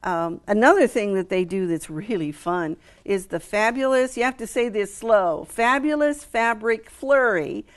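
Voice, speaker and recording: A middle-aged woman with an American accent chats about a show she runs, her pitch sitting in the middle range. She talks eagerly, stacking details with frequent fillers and little restarts. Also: expressive, normal speed, hardly any pauses. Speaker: quilt show executive director. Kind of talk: relaxed interview chat.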